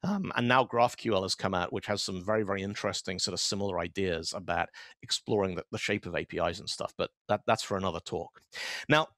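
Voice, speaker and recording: This conference speaker has a low voice and talks fairly quickly, delivering an online tech talk like a chat. He animates his stories by performing their dialogue, tossing in frequent fillers and side remarks, all captured in clean, echo-free studio sound.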